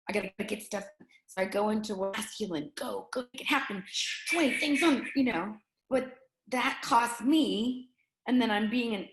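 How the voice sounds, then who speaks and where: A middle-aged woman speaking earnestly and emotionally as an interview guest, often halting and restarting her sentences. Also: medium pitch, reverberant, a little hiss or hum. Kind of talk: candid conversation.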